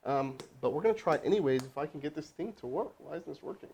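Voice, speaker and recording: Slight background noise accompanies a fast-talking man with a fairly high pitch. He makes a live cold sales call before coaching his crew, speaking casually with many fillers and restarts, energetic and rambling.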